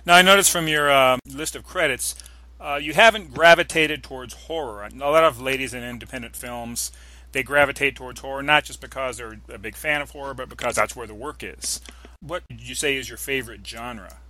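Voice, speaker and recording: A male interviewer poses measured questions and fills the pauses with steady mm-hmms. His voice sits in a middle range and sounds bright and clear. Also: mid-range voice, low-quality recording. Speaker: interviewer host.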